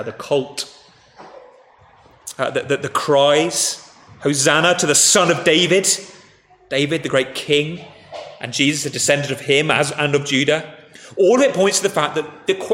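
A man preaching a sermon, telling a story in a relaxed conversational way and speaking to the children too. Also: fairly high pitch. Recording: echoey hall with faint ambience.

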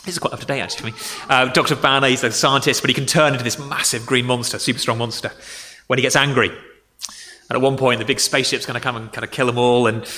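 Speaking fast in a steady, sharp medium-pitched voice, this man delivers a sermon to a mixed audience of kids and grown-ups. The big-room sound carries his conversational explanations, examples, and acted-out grumbles.

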